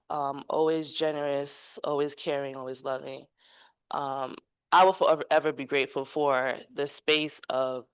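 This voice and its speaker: Hesitant woman with a smooth, even voice. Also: sits low, no echo. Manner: soft-spoken, hesitant, with many "um"s. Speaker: son's fiancée giving a eulogy. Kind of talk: memorial eulogy.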